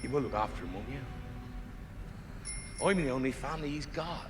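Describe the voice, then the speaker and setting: An actor playing a huge, gruff and gentle male half-giant gamekeeper in a film, with a West Country accent and a rough voice that drags out its R sounds and vowels. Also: medium pitch, expressive, fairly quick, faint music behind, lightly acted. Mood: pleading. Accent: West Country English. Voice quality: gravelly, rough. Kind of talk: film dialogue.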